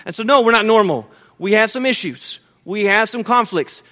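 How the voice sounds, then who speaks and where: A man preaching a sermon to his congregation, swinging from loud urgent pleading to hushed, low, slow passages. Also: animated. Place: church.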